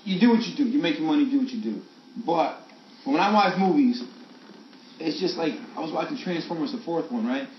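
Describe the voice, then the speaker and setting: Podcast co-host, male, loose, profane, excitable banter; recorded far off mic in a roomy space, dull sound. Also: a little fast. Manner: animated, profane, laughs often, jumps into high exaggerated pitch. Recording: roomy, distant, dull low-fi sound with faint ambience.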